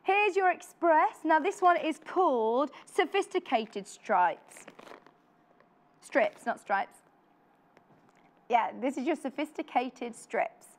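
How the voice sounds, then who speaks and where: A woman's voice: sits high, lively intonation, unhurried, few pauses. A woman presenting a live TV shopping demonstration in a studio, chatty and upbeat, often putting questions to the viewer.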